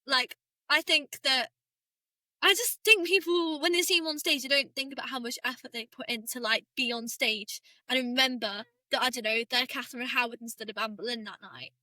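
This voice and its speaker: A woman's voice: high-pitched, brisk, sharp tone, dry recording. A woman co-hosting a podcast, chatting casually with lots of "like" fillers. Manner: chatty, many "like" fillers, laughs often. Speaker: podcast co-host. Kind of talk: casual chat.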